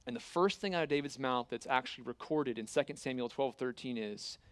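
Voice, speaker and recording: A man preaching a sermon, retelling a scripture story with earnest, dramatic pauses and reading scripture aloud. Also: mid-range voice, expressive, clean tone, dry recording.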